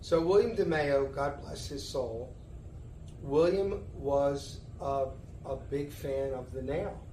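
A middle-aged man with a Philadelphia accent, a guest telling stories in a casual interview, lively and acting out the lines of others. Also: medium pitch, slow. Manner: animated storyteller who acts out dialogue. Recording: roomy echo, faint background noise.

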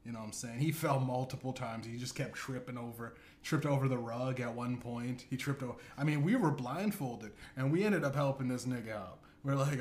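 A male comedy podcast host with a medium-pitched, slightly mellow voice tells an absurd story, talking a little fast with few pauses. He rambles and swears, constantly saying "you know what I'm saying." The room is echoey with faint ambience and a little hiss or hum.

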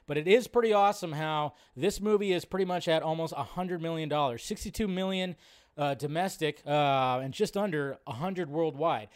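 A man's voice: fairly high pitch, normal speed, smooth. Rambling man hosting a live movie show. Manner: rambling, laid-back, lots of fillers. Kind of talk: casual live-stream chat.

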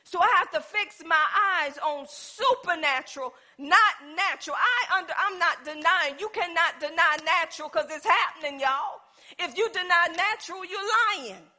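High, bright-voiced woman preaching. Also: moderate pace. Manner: animated, playful, acts out little scenes. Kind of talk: sermon.

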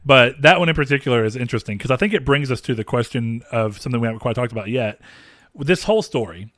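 A man's voice: medium pitch, quick pace, fairly bright tone, dry recording, studio quality. A young man from the American South co-hosting a podcast, chatting casually and rambling with many fillers and frequent laughs. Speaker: podcast co-host. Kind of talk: casual chat.

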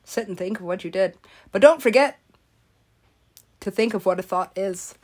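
A woman's voice: mid-range voice, lively intonation, moderate pace, darkish tone. A woman rambling through a comedic commentary, swearing and giggling often.

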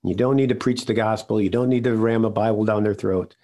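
An older man telling a personal story in an interview, earnest and halting, often restarting his sentences. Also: fairly low pitch, fairly even intonation, dark tone. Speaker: regular podcast host, interviewed guest.

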